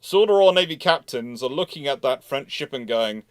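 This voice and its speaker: A man's voice: mid-range voice, animated, normal speed, dry recording, clean studio sound. A man hosting a livestreamed naval history lecture, talking conversationally with fillers and self-corrections and answering viewer questions.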